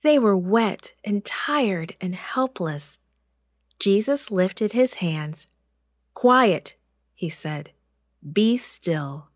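A woman narrating a children's story in a gentle, expressive way, rising for dramatic moments. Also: mid-range voice, slow pace, no echo, studio quality.

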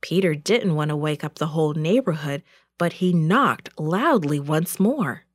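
A woman narrating a children's Bible story in a slow, expressive way. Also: low voice, no echo, clean studio sound.

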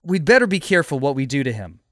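A man's voice: a little high, sing-song, quick pace, a bit bright, no room sound, studio quality. A man voicing an alarmed, breathless male centurion in a storybook. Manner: urgent, gasping.

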